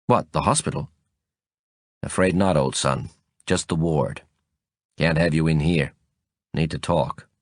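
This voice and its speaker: A man voicing a gruff older British man who talks in brisk, clipped phrases in an audiobook reading. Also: extremely low pitch, no room sound, studio quality, voice pushed down. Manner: clipped, brusque, uses "old son".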